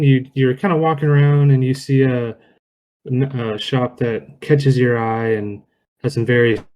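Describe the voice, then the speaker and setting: Casting: easygoing dungeon master, mellow voice, lots of "um"s, a man. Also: mid-range voice, low-quality recording. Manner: relaxed, filler-heavy narration. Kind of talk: narrating a tabletop game online.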